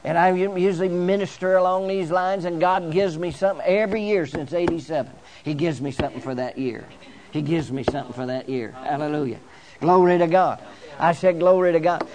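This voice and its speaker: An older man preaching a sermon live in a church, repeating and restarting phrases as he builds to fervent near-shouting. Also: high-pitched.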